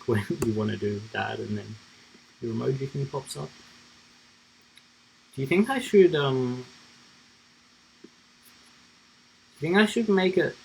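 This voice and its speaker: A man's voice: mid-range voice, vocal fry, a little hiss or hum, poor audio. A man streaming himself coding live, thinking aloud in a rambling, casual way with lots of fillers.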